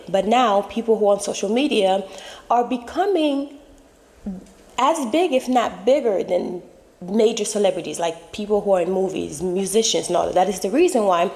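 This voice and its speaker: A woman's voice: medium pitch, darkish tone, big-room sound. A woman hosting her channel, talking casually and emphatically in a rambling way while she is losing her voice. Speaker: channel host. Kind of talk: casual commentary.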